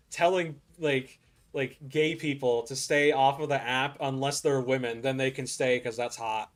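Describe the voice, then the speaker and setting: A man's voice: medium pitch, fairly even intonation, normal speed. Young man rambling casually while gaming. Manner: rambling, laughs often, says "dude" a lot. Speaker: gaming streamer. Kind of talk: casual gameplay chat.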